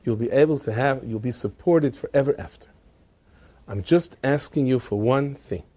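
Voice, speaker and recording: A man voicing an older rabbi and father who pleads calmly and slowly with measured words. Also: slightly rough. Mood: persuasive. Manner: slow, low and measured.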